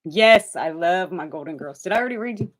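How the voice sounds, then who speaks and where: A woman's voice: on the low side, lively intonation, brisk. A woman giving live tarot readings to viewers, chatty and direct, addressing them by name and calling them honey. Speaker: tarot reader.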